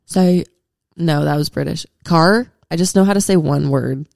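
A young woman co-hosting a podcast, chatting casually and reacting quickly. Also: low voice, gravelly, mellow, no room sound, studio quality. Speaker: podcast co-host. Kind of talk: casual chat.

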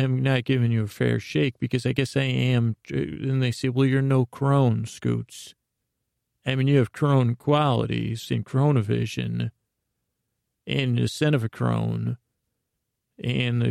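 A man's voice: mid-range voice, vocal fry, a little mellow, dry recording, clean studio sound. A man hosting a podcast, rambling through a self-deprecating improvised comic monologue full of restarts. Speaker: podcast host.

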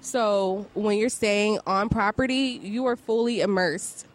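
A woman's voice: mid-range voice, a little slow. A woman in her thirties or forties, a podcast guest, talking enthusiastically and laughing often in casual chat.

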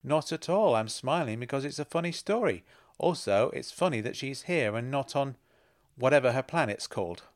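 Man doing a dry, teasing woman friend, pitched a little higher, from a storybook reading. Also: expressive, moderate pace, lightly acted. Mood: amused. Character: sharp, dry-witted adult woman friend.

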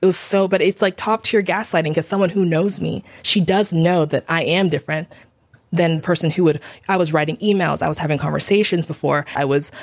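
A woman's voice: deep voice, no echo. Woman on a podcast going off about being gaslit, dry close sound, repeats herself a lot. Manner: intense, repeats herself, acts out quoted speech. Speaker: podcaster on church abuse. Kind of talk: emotional personal monologue.

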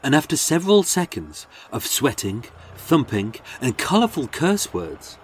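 Male narrator for dramatic crime storytelling, mid-pitched, very expressive intonation. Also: measured pace. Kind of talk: scripted true-crime narration.

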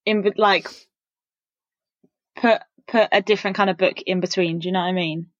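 A woman's voice: medium pitch, steady tone, moderate pace, dry recording, dull audio. A woman co-hosting a podcast while sick with the flu, sniffling and teasing. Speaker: podcast co-host. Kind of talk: casual chat.

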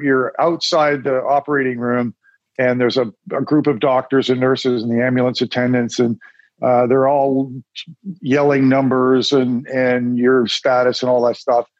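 An older man, a musician guest, telling stories in a casual interview with halting restarts and self-mocking humor. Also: medium pitch, steady tone, a little mellow, dry recording. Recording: dull lo-fi dry sound.

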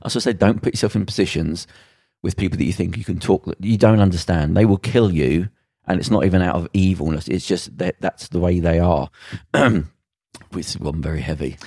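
Man, blunt and sweary storyteller, low gravelly voice. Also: a little fast, dark tone, no room sound, clean studio sound. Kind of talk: casual storytelling chat.

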